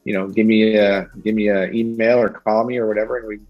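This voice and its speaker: A man's voice: fairly low pitch, level tone, fast talker, highs cut off, soft background music. Friendly rambling middle-aged man. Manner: friendly, rambling with many fillers and restarts. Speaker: TV technical advisor, interview guest. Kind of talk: casual interview chat.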